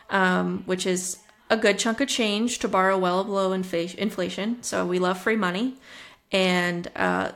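A woman speaking as a podcast guest, with a somewhat low voice for a woman. She talks in a chatty, conversational way, often pausing on fillers and restarting her sentences. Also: gravelly, fairly bright tone. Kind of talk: conversational interview storytelling.

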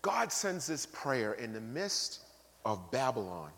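Bishop guy preaching, acts out folks he quotes, loud then real quiet, echoey big church. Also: medium pitch, big pitch swings, takes it slowly. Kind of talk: sermon. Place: large church sanctuary. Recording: long reverb of a large hall.

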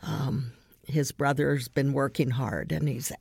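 A woman's voice: extremely low pitch, steady tone, slow, gravelly, darkish tone, slightly rough, no room sound. A middle-aged woman hosting a podcast, earnestly telling a family story and laughing now and then as she recounts it. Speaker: podcast host. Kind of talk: conversational storytelling.

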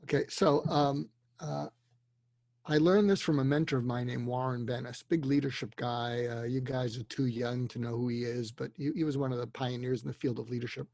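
An older man talks as a guest, patiently explaining and coaching. His voice is husky, with a slight breathiness. The recording is dry and close. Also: medium pitch, no echo. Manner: earnest, explanatory, gently coaching. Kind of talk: conversational advice.

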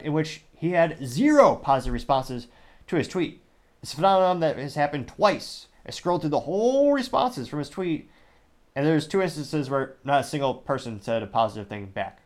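A man hosting a podcast, reading viewer comments aloud in casual commentary with wry, incredulous asides. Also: medium pitch. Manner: wry, incredulous, reads quotes in a flat listing way. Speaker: podcast host.

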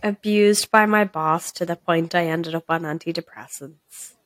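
A young woman with a Dublin accent, a podcast co-host telling a workplace story in casual chat, sweary and quick to laugh. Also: on the low side, steady tone, fairly bright tone, no echo.

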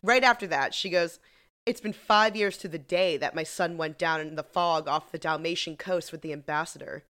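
A woman's voice: low voice, normal speed, fairly bright tone. A woman co-hosting a podcast, retelling a TV episode in chatty, sarcastic talk full of "like". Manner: chatty, sarcastic, many "like"s, laughs while retelling. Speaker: podcast co-host. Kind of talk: casual recap chat.

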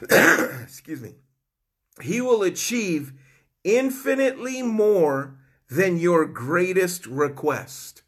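A man's voice: high-pitched, big pitch swings, slow, long pauses, fairly bright tone, husky. A man preaching a fervent live-streamed sermon, whooping and repeating his key phrases, greeting viewers by name. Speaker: online preacher.

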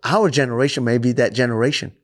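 A man, a coach talking about faith in an animated, preachy storytelling way. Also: mid-range voice, fast. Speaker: coach and church guest. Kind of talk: casual faith talk.

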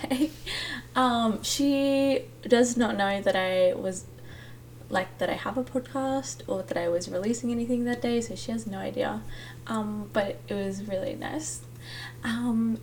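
A woman's voice: fairly high pitch, a little mellow. A young woman hosting a casual solo podcast, chatty and giggly with lots of ums and likes. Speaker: podcast host. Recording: distant mic with faint hum.

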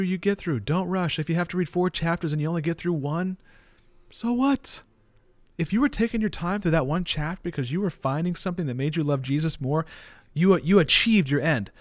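A man preaching as a pastor, earnest and plain-spoken, reading verses slowly and deliberately. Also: medium pitch, dry recording. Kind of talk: sermon teaching.

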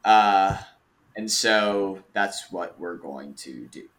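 Young guy running a quiz on a podcast, low-ish bright voice, jokey and laughing a lot. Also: animated, slow pace. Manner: playful, laughs often, drawls questions. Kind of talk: casual chat.

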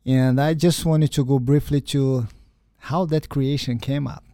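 An earnest male podcast host with a mellow, darker tone, asking questions in a halting way and repeating words. The sound is dry and close, with no echo. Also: mid-range voice, fairly even intonation. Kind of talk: interview questions.

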